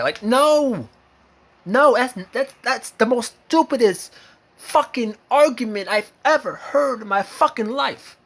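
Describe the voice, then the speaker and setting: A man's voice: extremely high pitch, lively intonation, slow, creaky, a bit bright. An American man delivering an impassioned opinion monologue, emphatic and repetitive, hammering his points with repeated phrases and swearing. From United States. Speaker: vlogger sharing opinions.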